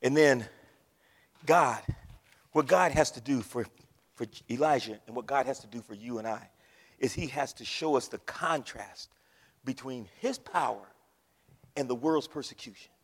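A man preaching a fervent sermon to his congregation, often swelling to shouts. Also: mid-range voice, moderate pace, long pauses, husky. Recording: long hall reverb.

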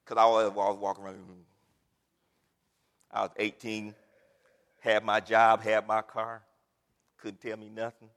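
A male pastor preaching a sermon with passion, swinging from quiet asides to loud cries. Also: fairly low pitch, completely flat delivery, a little slow, long pauses. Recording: long reverb of a large hall.

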